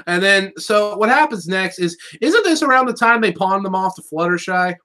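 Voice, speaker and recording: A co-host in a casual review chat, with a bright, sharp tone that swings up and down in pitch. The delivery is teasing and full of wry asides. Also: expressive, normal speed. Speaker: podcast co-host.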